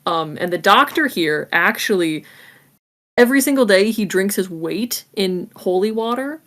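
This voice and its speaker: A woman's voice: mid-range voice, lively intonation, moderate pace, a bit bright. A woman playing a brash character in a tabletop game, cursing and blunt. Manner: brash, cursing, apologetic about rules. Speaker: player. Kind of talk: in-character tabletop role-play.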